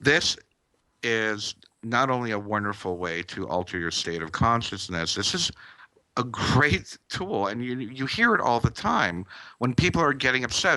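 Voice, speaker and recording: A man teaching a meditation class, talking in a calm, instructive way and drawing out his words. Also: medium pitch, normal speed, dry recording.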